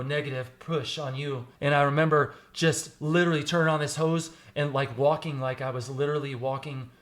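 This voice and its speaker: A man with a slightly high voice tells stories as a podcast guest. He talks in an animated, casual way and often repeats words and restarts his sentences. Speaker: podcast guest, former firefighter recruit. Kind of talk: casual interview storytelling.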